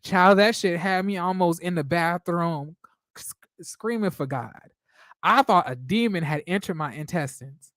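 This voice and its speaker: A man hosting a casual live stream from home, telling stories in a dramatic, expressive way, swearing freely and laughing often. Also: high voice, unhurried, dry recording, studio quality.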